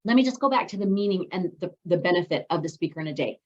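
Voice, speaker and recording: A middle-aged woman coaching a women's group, bubbly and excitable, telling stories with lively asides. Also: fairly low pitch, fast talker, dull audio. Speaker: business coach leading a women's group meeting. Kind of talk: animated meeting talk with storytelling.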